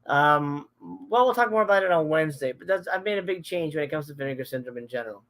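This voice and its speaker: Middle-aged male streamer, casual and cursing, emotional and halting as he reacts to chat. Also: on the high side, animated, a bit bright. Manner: candid and emotional, swears often, trails off and restarts. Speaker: live stream host. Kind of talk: casual live-stream chat, reading viewer comments.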